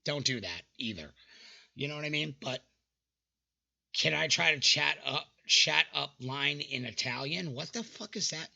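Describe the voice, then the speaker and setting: A man's voice: fairly high pitch, expressive, measured pace, gravelly, bright, forceful tone, muffled recording. A young man hosting casual reaction commentary, mocking dating app messages in an exasperated way and swearing freely. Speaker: channel host reacting to dating app screenshots.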